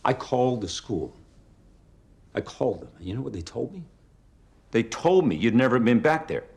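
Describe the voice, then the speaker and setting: A man's voice: mid-range voice, big pitch swings, normal speed, gravelly, darkish tone. A father caught off guard by bad news. He is incredulous and pressing, and his voice rises to accusation. His tone swings widely across a middle register. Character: stunned, demanding father of a teenage son.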